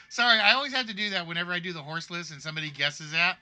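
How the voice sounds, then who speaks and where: Bright-voiced joking game show host, a man. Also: sits high, rapid-fire, hardly any pauses. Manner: chatty, joking, reads out players' guesses. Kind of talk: live-streamed game show hosting.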